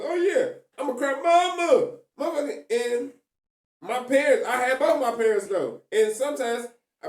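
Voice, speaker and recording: A man's voice: very high voice, roomy sound, far from the mic. A man co-hosting a podcast in a basement studio, arguing his point in a heated, profane, casual debate and talking over the others. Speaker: podcast co-host.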